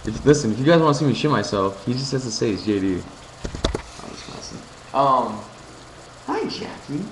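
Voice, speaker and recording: A man's voice: mid-range voice, big pitch swings, normal speed. A young man chatting live on his webcam from his home kitchen, joking crudely and drifting from topic to topic. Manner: joking, crude, easily distracted. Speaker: webcam streamer chatting with viewers. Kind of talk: casual rambling live chat. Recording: roomy home room with noisy background.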